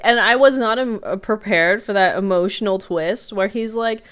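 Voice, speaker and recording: A woman's voice: mid-range voice, normal speed. A woman co-hosting a casual movie reaction podcast, wry and joking, acting out what the characters say. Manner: wry, acts out quoted lines. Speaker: podcast co-host.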